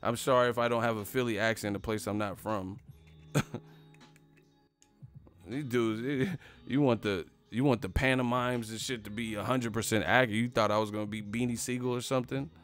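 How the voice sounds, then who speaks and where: A man's voice: medium pitch, steady tone, moderate pace, fairly bright tone. Guy ranting on a live stream, cursing a lot, rambling, chuckling at himself, mid voice, faint music behind. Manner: profane, rambling, laughs at himself. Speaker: boxing commentary host. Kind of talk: casual live-stream rant.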